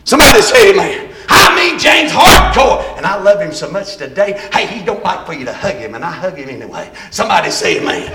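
A man preaching a shouted revival sermon, calling on the congregation to say amen. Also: high voice, big pitch swings, a little fast, few pauses, heavy background noise. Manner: call-and-response, repeatedly urging the congregation to say amen. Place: church sanctuary with congregation. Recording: echoey church with faint crowd.

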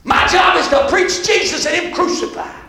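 An older preacher delivers a folksy revival sermon in a high, bright voice, shouting and pulling amens out of the congregation. The church room around him rings with echo. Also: male voice, moderate pace. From American mountain South. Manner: folksy, shouting, call-and-response. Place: church sanctuary.

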